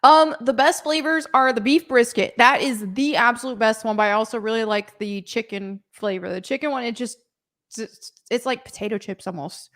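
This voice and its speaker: A woman appearing as a guest on a podcast, with a voice a touch higher than most. She speaks in an easygoing, friendly way, taking her time in a loose casual chat. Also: moderate pace, a bit bright.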